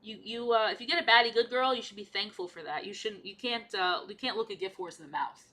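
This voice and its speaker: Bright, chatty young woman streaming. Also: medium pitch, fast. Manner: chatty, repeats herself, playful silly asides. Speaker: streamer painting miniatures. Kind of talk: casual live-stream chat.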